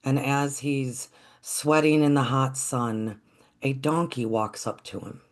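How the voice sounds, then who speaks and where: A storyteller telling a folktale in a gentle, reflective, unhurried way. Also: medium pitch, steady tone.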